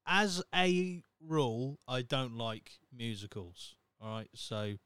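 A man's voice: mid-range voice, slow, fairly bright tone, clean tone, no echo. A young man hosting a solo podcast, talking in a blunt, sweary, opinionated way. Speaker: podcast host. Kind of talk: casual solo podcast rant.

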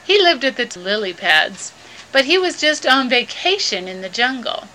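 Bright-voiced woman spinning a kids' story. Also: a little high, big pitch swings, normal speed, slight background noise, poor audio. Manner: playful, lilting, laughing storytelling. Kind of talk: improvised children's story.

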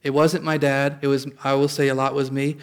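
A man's voice: mid-range voice, level tone, fairly quick, smooth. A man preaching a sermon as pastor, in a conversational way, often restarting and calling out for an amen.

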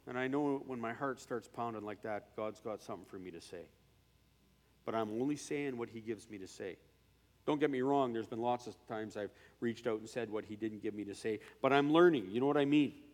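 A man preaching a sermon in a conversational way, often asking "right?", who swings between loud declarations and quiet asides. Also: mid-range voice, brisk, in a large hall. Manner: conversational, with fillers and tag questions.

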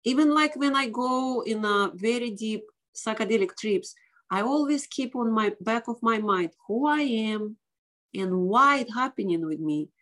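A woman guest, a doctor, telling a dramatic personal story in casual interview talk, with non-native English grammar and lively quoted voices. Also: fairly high pitch, measured pace.

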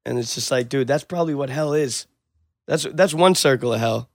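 A man's voice: medium pitch, brisk, no room sound, studio quality. A man retelling a story in casual chat, acting out the dialogue with lots of swearing. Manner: animated storyteller, acts out dialogue, swears a lot.

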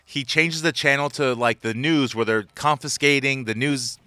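A man's voice: medium pitch, moderate pace, sharp tone, clear, resonant tone, no echo. A man co-hosting a podcast, teasing and arguing with his friend in casual banter and laughing often. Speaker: podcast co-host.

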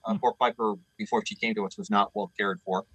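A man co-hosting a comedic radio talk show, telling rambling farm stories in a deadpan way over a video call. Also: lowish voice, quick pace, slightly rough, dry recording, rough recording. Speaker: co-host. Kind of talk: casual comedic banter.

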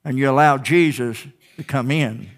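A male pastor preaching a sermon, telling stories with acted-out dialogue, calling for an "Amen," and slowing down to stress key words. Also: mid-range voice. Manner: storytelling preacher, acts out quoted exchanges, calls out "Amen?"; slows and stretches key phrases for emphasis.

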